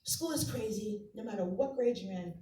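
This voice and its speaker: A stand-up comedian from Massachusetts, a mother of two, tells chatty family stories on a comedy club stage and acts out her family's voices. Her voice is medium-pitched and dark at a moderate pace, with a little hiss or hum, recorded in an echoey club from a distant mic.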